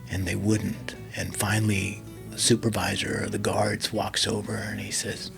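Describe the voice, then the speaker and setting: Low gravelly-voiced man telling war stories. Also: monotone, moderate pace, over music. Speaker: interview guest, army veteran pilot. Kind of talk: storytelling in a podcast interview.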